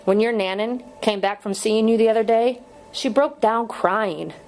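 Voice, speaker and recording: A woman's voice: fairly high pitch, normal speed, a little mellow, pitched above the performer's own voice, close to an everyday voice, rough recording. A woman voicing an earnest young male schoolteacher in an audiobook reading, pleading with strained patience.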